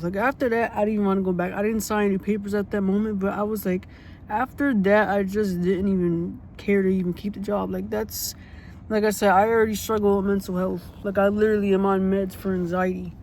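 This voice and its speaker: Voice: medium pitch, little pitch movement, brisk, a little mellow, a little hiss or hum. A casual storytime vlogger who tells a story bluntly and indignantly, swears freely and repeats points for emphasis.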